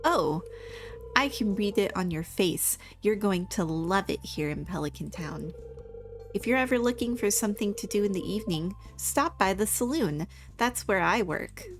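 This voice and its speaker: A woman's voice: mid-range voice, animated, normal speed, soft background music, lightly acted. A woman reading aloud the friendly, inviting lines of a young barmaid.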